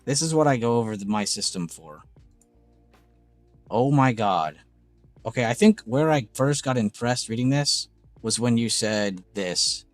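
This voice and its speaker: A young man hosting a casual live trading stream, excitable and gushing, swearing freely. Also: mid-range voice, a little slow, dry recording. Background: faint background music.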